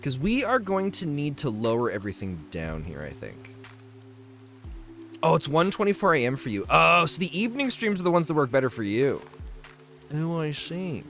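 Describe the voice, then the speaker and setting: Man, twenties, livestream chat, reads chat aloud, laughs easily, animated voice. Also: medium pitch. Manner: chatty, reads chat aloud and answers viewers. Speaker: game livestreamer. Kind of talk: casual livestream chat while playing.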